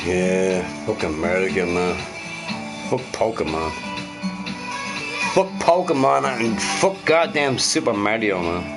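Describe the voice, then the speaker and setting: A man's voice: fairly low pitch, slow pace, pauses often, over loud music. A young man ranting loosely to his live chat, swearing and repeating himself. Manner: animated, sweary, repeats phrases. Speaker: live streamer answering chat.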